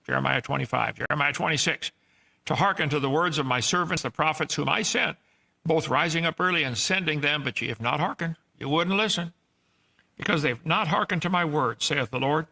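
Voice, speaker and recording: A male preacher with a raised, somewhat high voice, gravelly with creak and bright in tone. He preaches in an earnest, pleading manner, scolding the people who will not listen. The clip is played from an archive recording. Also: a little fast. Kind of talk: sermon on scripture.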